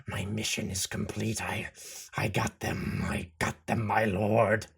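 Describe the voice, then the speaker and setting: Man as a low, breathy frog lackey, sly and fawning, tabletop game. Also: little pitch movement, measured pace, fairly bright tone, full character voice. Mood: scheming. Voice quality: breathy, half-whispered. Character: sneaky male frog minion, breathy.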